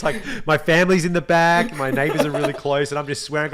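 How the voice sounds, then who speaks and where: A young adult man with an Australian accent, hosting a casual podcast chat, animated and swearing freely, with a slight cold. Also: a little high, fast, hardly any pauses, a crowd in the background. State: has a cold. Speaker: podcast host.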